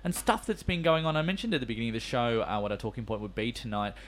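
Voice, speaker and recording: A man with an Australian accent hosting a casual radio talk show, animated and camp. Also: mid-range voice, quick pace.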